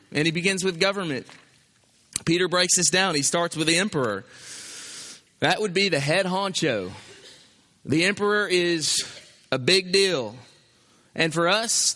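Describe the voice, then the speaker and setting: High, bright-voiced pastor preaching. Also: male voice, big-room sound. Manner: animated, acts out an imagined objector. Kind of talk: sermon.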